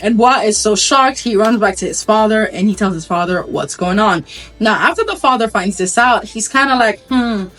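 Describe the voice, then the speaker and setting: A woman's voice: medium pitch, animated, moderate pace, a bit bright, faint music behind. A woman casually retelling a story, chatty, with many asides.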